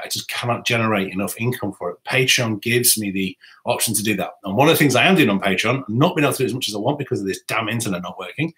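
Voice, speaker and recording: A man who plays saxophone and runs a YouTube channel chats his way through a meandering live stream in his home music room, answering comments from viewers. He speaks with a fairly low, slightly bright voice.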